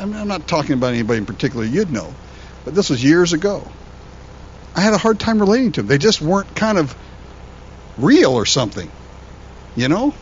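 Lively, high-pitched male pastor preaching. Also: highs cut off, slight background noise. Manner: animated, conversational preaching with laughs and repeated words. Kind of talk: sermon.

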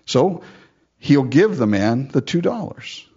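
A male pastor gives an animated sermon and tells a story with chuckling asides. His voice is husky and swings widely in pitch. The recording sounds dull and lo-fi. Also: slow pace.

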